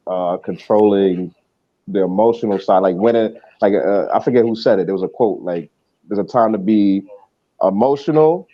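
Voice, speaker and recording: A man's voice: on the low side, highs cut off. Laid-back man telling coaching stories. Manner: animated storyteller, acts out others' lines. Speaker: former coach, podcast co-host. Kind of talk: casual chat.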